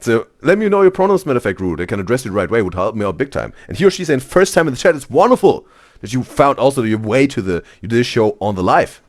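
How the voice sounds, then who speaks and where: Animated man reading out stream chat. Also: mid-range voice, quick pace. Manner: animated, exclaims "bro" constantly, laughs often.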